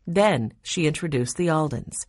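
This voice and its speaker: Low-voiced woman reading a children's story. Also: expressive, unhurried, dry recording, clean studio sound. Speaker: narrator. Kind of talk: audiobook narration.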